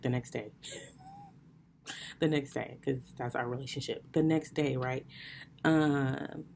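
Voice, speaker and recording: A woman hosting a podcast, telling a personal story in a chatty, animated way, laughing often and calling her listeners y'all. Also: extremely low pitch, gravelly, a little hiss or hum. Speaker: podcast host. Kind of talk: casual storytelling monologue.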